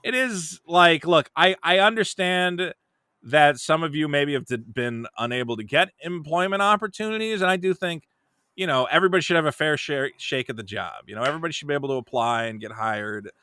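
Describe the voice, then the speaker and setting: A man's voice: on the high side, fairly quick, smooth, no room sound. A man, a comedian, talking casually as an interview guest and animatedly acting out quotes. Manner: animated, jumps into quoted voices.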